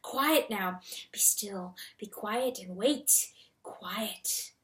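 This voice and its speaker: A woman's voice: mid-range voice, expressive. A woman voicing a wounded, frantic male fox who talks in a feverish rush and wails, in a storybook reading. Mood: manic scheming. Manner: feverish, rushing, wailing. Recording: echoey room, distant mic.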